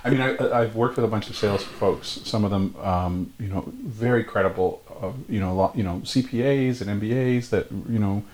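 A man's voice: lowish voice, a little fast, hardly any pauses, darkish tone, a little hiss or hum. A man hosting a casual business conversation, asking questions with frequent fillers. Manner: asks questions, frequent "yeah" and "you know".

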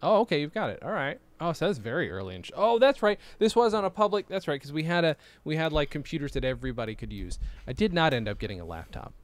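A man's voice: on the high side, sing-song, fast talker, hardly any pauses. A man in his thirties in casual chat with a friend, reading old writing aloud and wandering into absurd, silly bits. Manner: absurd rambling, silly put-on voices. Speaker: podcast co-host.

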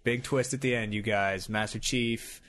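A man's voice: lowish voice, steady tone, normal speed, a bit bright. Rambling, jokey male podcast host. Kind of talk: casual chat.

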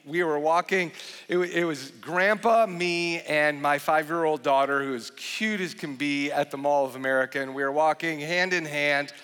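A man in his forties preaching a sermon as a pastor, animated and joking, with frequent restarts. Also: fairly high pitch. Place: large church hall. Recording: long hall reverb.

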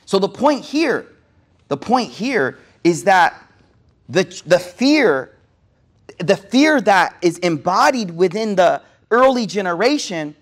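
A man with a high voice delivers a laid-back sermon as an Islamic teacher. He leans on slang and repeats lines to drive them home, sliding into rapid recited Arabic between his stories. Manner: mixes street slang with recited Arabic quotations; repeats phrases for emphasis. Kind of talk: casual sermon with storytelling.

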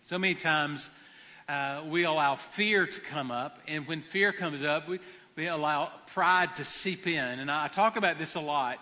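A man preaches a sermon in an earnest way, circling back to key phrases to press them home. His voice sits high and sounds very bright and forceful. The sound trails off in the long reverb of a church hall. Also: normal speed. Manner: earnest, repeats phrases for emphasis. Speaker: pastor.

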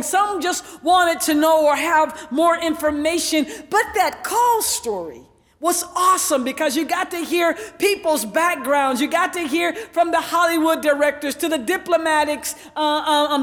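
A woman's voice: sits high, big-room sound. A woman pastor preaching a sermon in a church, telling a personal story and calling out to the congregation. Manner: animated, storytelling, calls out to the congregation. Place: church sanctuary.

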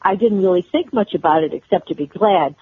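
An older woman from Chicago, a guest telling personal stories in an interview, with halting restarts. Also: lowish voice, animated, husky, dry recording. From Chicago, USA. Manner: warm storyteller, halting restarts. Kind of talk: storytelling interview. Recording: tinny phone-line audio.

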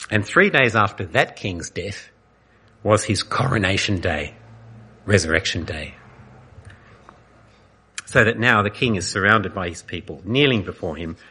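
Male pastor, earnest sermon delivery, low and husky, forceful. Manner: earnest, dramatic, pausing often.

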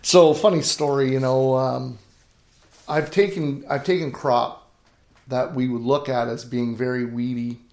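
A man's voice: medium pitch, steady tone, unhurried, a little mellow. A middle-aged grain farmer telling stories in an interview, earnest and emphatic, often restarting his sentences. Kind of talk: storytelling interview talk. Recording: echoey room.

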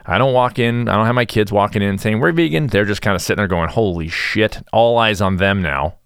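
A man's voice: fairly low pitch, steady tone, fast talker, a bit bright, smooth, no room sound, studio quality. A middle-aged man hosting his own podcast, telling a story in a blunt, casual monologue. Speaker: podcast host.

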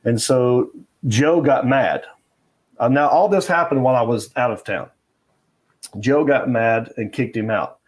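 A man's voice: mid-range voice, a little slow, pauses often. A middle-aged man, a comedian guest, telling stories in a loose, rambling way full of fillers. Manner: rambling anecdotal with fillers and restarts. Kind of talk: casual interview storytelling.

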